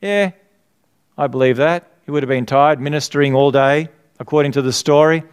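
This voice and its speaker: A man's voice: on the high side, normal speed, smooth. A middle-aged man preaching a sermon, earnest and conversational, often asking the congregation to fill in his words. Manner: asks the congregation questions to fill in. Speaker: pastor.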